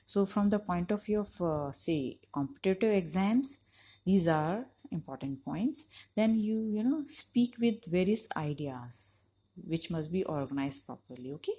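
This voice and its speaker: A woman's voice: lowish voice, animated, measured pace, mellow. A woman teacher, giving a conversational lecture to university students and leaning on "you know" as she explains. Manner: explanatory, emphatic on key points.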